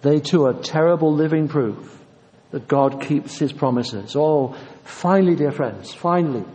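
A man, preaching in a high voice with a mellow, warm tone. His delivery is earnest and insistent, and he hammers his points home by repeating them. A long reverb hangs on every word, as in a large church hall. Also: a little slow. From Yorkshire, England. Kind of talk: sermon.

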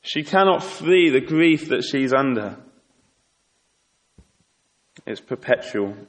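A man's voice: medium pitch, lively intonation, slow. Man preaching, earnest and pleading, medium voice, long reverb like a big church hall. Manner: earnest, exhorting, with rhetorical questions. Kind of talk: sermon.

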